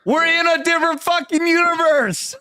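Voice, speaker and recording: A man co-hosting a live podcast who teases loudly and swears a lot in casual banter. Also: very high-pitched, steady tone, normal speed, no echo, clean studio sound. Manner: profane, loud teasing.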